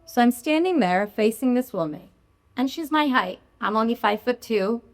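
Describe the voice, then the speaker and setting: A woman's voice: a little high, animated, moderate pace, soft background music. Woman telling an emotional live story. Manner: emotional, confessional, vivid.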